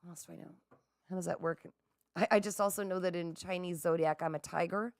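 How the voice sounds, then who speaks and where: A woman's voice: fairly low pitch, brisk, gravelly, no echo, clean studio sound. A middle-aged woman hosting a livestream, chatting casually with viewers, reading their comments aloud and laughing often. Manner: excitable, laughs often, talks straight to viewers. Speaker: livestream host.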